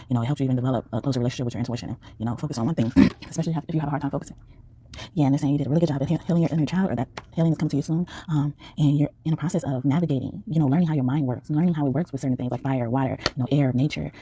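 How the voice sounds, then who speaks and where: A man's voice: a little high, warm tone, a little hiss or hum. A man giving a casual, rambling tarot reading, full of fillers and restarts. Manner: rambling, many fillers and restarts, frequent laughs. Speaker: tarot reader.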